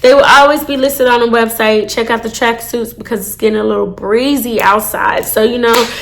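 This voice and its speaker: A woman telling a casual storytime to her viewers, animated and full of swearing. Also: a little high, a little fast, a little hiss or hum. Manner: animated, swears a lot, addresses viewers as y'all. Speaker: storytime vlogger.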